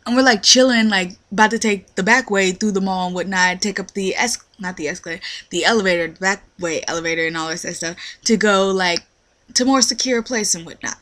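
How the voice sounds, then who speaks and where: A young woman with a lively, slangy, profane storytelling manner, acting out quotes as she rants in a casual vlog. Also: medium pitch, fairly quick. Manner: animated storytelling, acts out quotes. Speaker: retail worker.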